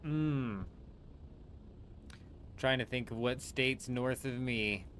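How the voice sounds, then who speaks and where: A man chats loosely with his viewers during a live game stream, rambling from thought to thought and swearing casually. His voice sits at an ordinary middle pitch. A faint hum of background noise runs under the talk. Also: slow pace, a bit bright. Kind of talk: casual livestream chat while gaming.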